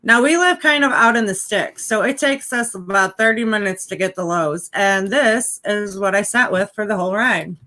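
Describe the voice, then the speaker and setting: A woman's voice: mid-range voice, normal speed, few pauses, bright, forceful tone. A woman chatting casually in a home vlog, rambling and cooing to a puppy on her lap. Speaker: vlogger. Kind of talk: casual chat. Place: home indoors.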